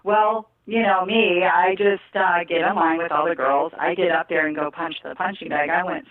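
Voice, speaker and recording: A woman's voice: on the low side, normal speed. A middle-aged woman from California, telling stories in a casual interview, laughing and acting out what people said. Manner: animated, laughing, acts out quotes. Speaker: guest, former wrestler. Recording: tinny phone line.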